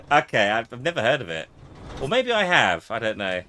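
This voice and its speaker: A man live-streaming a game, chatting loosely with his viewers and mumbling to himself between greetings. His voice sits at an ordinary middle pitch. Game sounds play clearly behind him. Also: wildly swooping pitch, normal speed, bright, forceful tone, slight background noise. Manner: chatty, greets chat viewers, mutters while playing. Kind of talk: casual live-stream chat while gaming.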